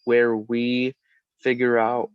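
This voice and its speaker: A man's voice: mid-range voice, monotone, slow pace, smooth, dry recording, lo-fi sound. A man co-hosting a casual podcast, teasing his partner, laughing often and repeating himself. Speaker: podcast co-host. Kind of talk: casual chat.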